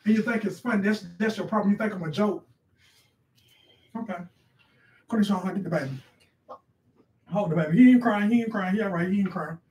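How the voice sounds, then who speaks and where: A man playing a loud, bossy middle-aged mother who rants and scolds in slangy speech for a comedy sketch. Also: high-pitched, fairly quick, pauses often, far from the mic, natural voice. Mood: scolding. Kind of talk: improvised comedy sketch, live-stream parody.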